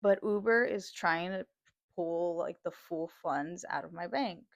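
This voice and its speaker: A woman's voice: lowish voice, unhurried, dry recording, clean studio sound. A young woman telling a story in a heated, casual rant, swearing a lot and laughing between lines. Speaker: host.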